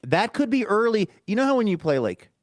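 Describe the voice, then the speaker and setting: A man's voice: sits high, big pitch swings, brisk, no echo, studio quality. A man hosting a talk radio show, chatting casually in an easygoing, joking, rambling way. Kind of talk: casual chat.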